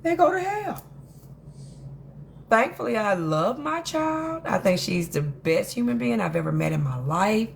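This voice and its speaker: A woman hosting a casual commentary monologue, telling stories in an animated, emphatic way that rambles with frequent restarts. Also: mid-range voice, normal speed, gravelly, few pauses, slight background noise. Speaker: host of a drama commentary channel.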